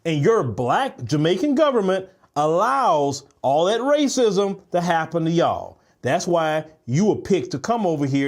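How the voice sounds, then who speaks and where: A man giving heated reaction commentary, lecturing and indignant, swinging between sharp exclamations and low, dismissive asides.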